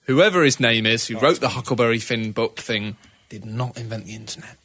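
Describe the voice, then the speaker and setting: Teasing bright-voiced male co-host. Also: mid-range voice, a little fast, breathy edge. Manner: teasing and sarcastic. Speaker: podcast co-host. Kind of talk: casual comedy podcast banter.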